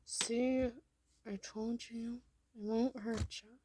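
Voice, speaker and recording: Woman doing a nervous soft-spoken mutant turtle dude, half whispering. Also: fairly high pitch, level tone, slow, a little hiss or hum. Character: young male mutant turtle, gruff but gentle. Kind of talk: fan story reading.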